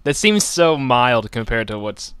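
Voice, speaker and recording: A man hosts a laid-back radio show, rambling and joking and restarting his sentences. His voice is smooth and clear, and the sound is close and dry. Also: mid-range voice, sing-song, unhurried, fairly bright tone, no echo. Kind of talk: casual chat.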